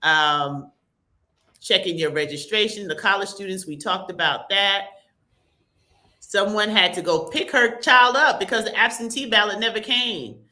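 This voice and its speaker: A woman hosting a live stream, chatting casually and reading out shout-outs from the chat in a lively, conversational way. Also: medium pitch, unhurried. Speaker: livestream host.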